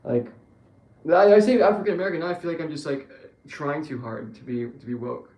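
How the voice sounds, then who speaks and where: A man's voice: fairly high pitch, animated, brisk, darkish tone. A man giving a rambling, profane political monologue who keeps correcting himself. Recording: echoey room with faint ambience.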